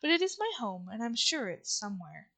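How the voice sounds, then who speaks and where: An earnest, polite young girl speaks up in a storybook, as a woman reads her part. The voice is high and lifted. It stays simple and sincere. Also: very animated, fairly quick, vocal fry, pushed and bright, full character voice. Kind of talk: audiobook reading.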